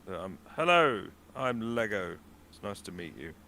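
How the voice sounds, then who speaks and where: A man's voice: fairly low pitch, sing-song, unhurried, creaky, sharp tone, slight background noise, heavily acted. A man voicing a cheerful young male stage magician who talks eagerly and chattily. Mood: friendly.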